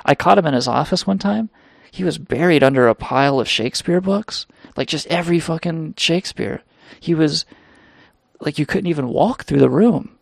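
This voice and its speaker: A man's voice: fairly high pitch, moderate pace, gravelly, no room sound, studio quality. A man hosting a comedy podcast, telling rambling, crude, self-mocking stories in a casual monologue. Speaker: podcast host.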